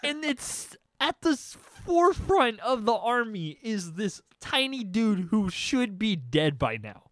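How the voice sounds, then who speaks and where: A young man telling a comedic story on a podcast, animated and profane, acting out sounds and quotes. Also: high-pitched, takes it slowly, no room sound.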